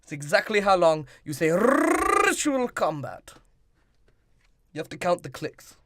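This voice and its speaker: A man's voice: fairly high pitch, fast, background noise. A young man co-hosting a podcast, riffing and laughing through a crude comedic movie recap. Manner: laughs often, riffs on the other host's jokes. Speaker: podcast co-host.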